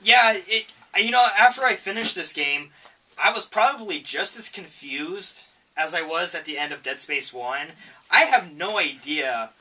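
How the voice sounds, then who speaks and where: A man casually reviewing a video game with a co-host, halting and repeating his words, coughing now and then. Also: a little high, expressive, sharp tone. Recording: voice from far off the mic.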